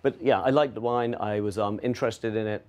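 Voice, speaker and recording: Quick-talking English man, interview guest. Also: on the low side, fairly even intonation, a little mellow. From England. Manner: friendly, self-deprecating, quick with small restarts. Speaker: wine auction executive, guest. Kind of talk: interview answers.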